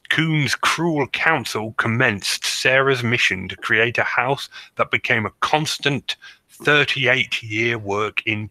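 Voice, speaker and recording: Man with a bright, very dry close-mic voice. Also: medium pitch, no room sound, rough recording. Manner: jokey, reads notes with asides. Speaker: podcast co-host reading research. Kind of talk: casual podcast chat.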